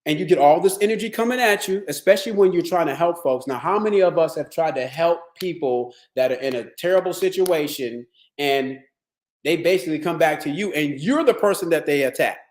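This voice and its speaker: A man with a fairly high voice gives a motivational wellness talk. He tells stories in an animated, streetwise way, with plenty of swearing. His voice rings around a roomy, echoey space. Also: a little fast. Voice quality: streetwise, profane, animated storytelling. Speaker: wellness speaker. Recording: echoey room.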